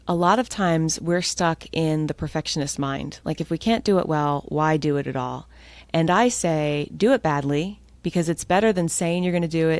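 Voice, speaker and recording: Guest author, American woman, lively and upbeat, low-pitched, close dry mic. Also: dry recording. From United States. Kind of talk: podcast interview.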